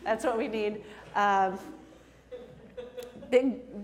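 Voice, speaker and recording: A woman's voice: on the high side, takes it slowly, pauses often. A woman in her twenties telling a personal story to an audience, chatty and self-deprecating, laughing often between many fillers. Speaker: storyteller and improv performer. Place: lecture hall. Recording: long hall reverb.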